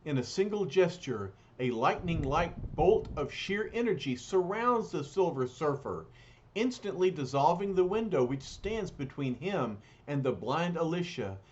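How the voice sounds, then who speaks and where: Slow, animated male storyteller. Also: a little high. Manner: slow, animated, dramatic narration. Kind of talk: reading a comic aloud. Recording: dull lo-fi recording.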